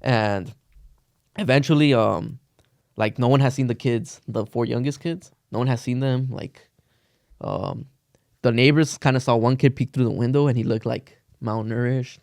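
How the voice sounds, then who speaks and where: Young man, podcast co-host, rambling storyteller, slangy, gravelly, dry. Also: mid-range voice, fairly even intonation, normal speed, a little mellow, dry recording. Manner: rambling, heavy "like" fillers, cursing slang. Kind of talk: casual storytelling chat.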